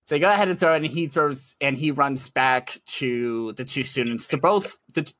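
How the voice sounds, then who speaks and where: A man's voice: medium pitch, normal speed, a bit bright, no room sound. A man narrating a tabletop game as game master, chatty and laughing often.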